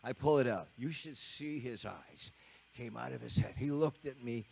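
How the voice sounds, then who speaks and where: A man's voice: medium pitch, moderate pace, creaky, darkish tone, husky. A man in his seventies from Canada, a rock drummer telling a rambling, chuckling story on stage at a live studio concert. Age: 70s. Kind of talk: storytelling on stage between songs.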